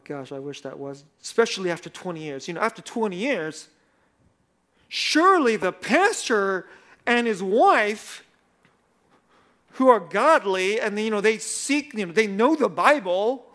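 A man's voice: sits high, a bit bright. A middle-aged man, a pastor, preaching a sermon and telling a self-deprecating personal story in a conversational way, often laughing.

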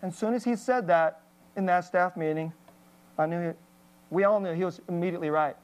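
A woman's voice: on the low side, a little fast, darkish tone, low-quality recording. A woman pastor giving an emotional, candid personal testimony in a sermon, with plenty of fillers and restarts.

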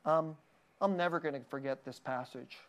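A woman's voice: low-pitched, moderate pace. A woman giving a sermon as though chatting with friends. She laughs often, trips over her own words and restarts them, and drops in asides to keep it loose. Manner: conversational and jokey, laughs often, many restarts. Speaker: preacher.

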